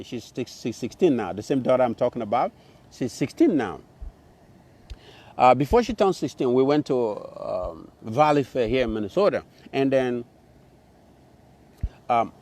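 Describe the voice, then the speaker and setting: A middle-aged man giving a motivational talk to his channel viewers, telling stories in an animated way with bursts of exclamation. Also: a little high. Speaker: motivational speaker. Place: Minnesota.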